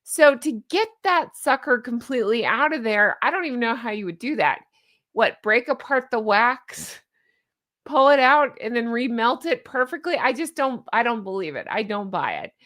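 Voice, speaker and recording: A woman's voice: fairly high pitch, big pitch swings, normal speed, a bit bright. A woman hosting a casual commentary vlog, chatty and amused, laughing often and tossing in rhetorical questions and asides. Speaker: YouTube commentary host.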